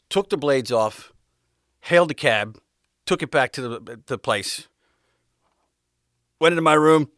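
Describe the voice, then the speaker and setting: A man's voice: fairly high pitch, lively intonation, measured pace, long pauses, a bit bright, no room sound, studio quality. A man hosting a podcast, telling a rambling, candid personal story in a casual way and laughing often as he goes. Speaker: podcast host.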